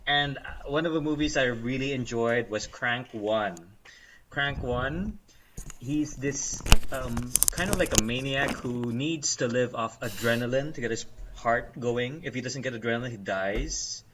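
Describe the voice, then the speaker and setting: A man's voice: mid-range voice, measured pace, slight background noise, poor audio. A young man co-hosting a podcast, casually telling a story with lots of laughter. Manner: animated storytelling with laughter and quoted voices. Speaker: podcast co-host. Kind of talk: casual chat.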